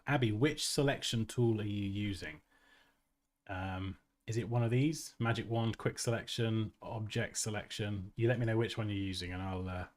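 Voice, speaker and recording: A man with a fairly low voice talks through a design tutorial on a live stream. He is chatty and self-mocking and breaks into laughs between steps, speaking close to a desk mic. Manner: chatty and self-mocking, laughs often, reads out chat comments. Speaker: design tutorial livestream host. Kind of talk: casual live tutorial chat.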